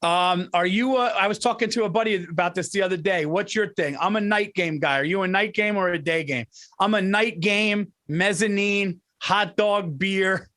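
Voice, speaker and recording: High-voiced, rambling guy saying "dude". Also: moderate pace, fairly bright tone. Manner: rambling storytelling with repeated "he goes" and "dude". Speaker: podcast co-host. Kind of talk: casual chat.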